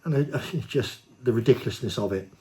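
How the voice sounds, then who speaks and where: A man's voice: mid-range voice, fast talker. Blunt, cheeky man telling a tale. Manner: blunt, cheeky, animated when quoting himself. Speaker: storyteller. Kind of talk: casual anecdote to camera.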